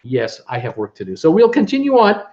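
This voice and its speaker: Upbeat livestream host, a man with a somewhat high voice, chatty and filler-heavy, recorded on muffled webcam audio. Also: wildly swooping pitch, fairly quick. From Ontario, Canada. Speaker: livestream host reading viewer chat. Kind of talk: casual live chat. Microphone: webcam setup at home.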